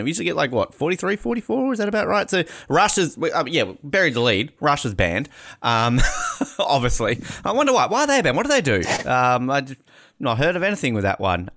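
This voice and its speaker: A man hosts a relaxed panel conversation, wandering through his points with filler words and quick jokes. His voice sits at an ordinary middle pitch. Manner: rambling and jokey, many fillers. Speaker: podcast host. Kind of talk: casual panel chat.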